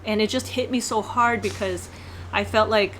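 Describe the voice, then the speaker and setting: A woman's voice: medium pitch, steady tone, moderate pace, a bit bright, a little hiss or hum. A woman vlogger telling a personal story in a casual, earnest, rambling way with many fillers.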